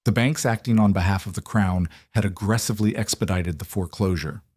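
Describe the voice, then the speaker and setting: Low-voiced male story narrator. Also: brisk, darkish tone, husky, dry recording, studio quality. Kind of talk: scripted first-person story narration.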